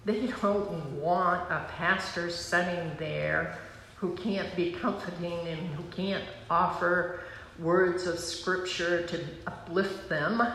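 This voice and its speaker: A woman pastor giving an earnest, emotional personal testimony from the pulpit, slow and pausing. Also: fairly low pitch, fairly bright tone, a little hiss or hum. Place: church sanctuary. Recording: roomy church hall sound.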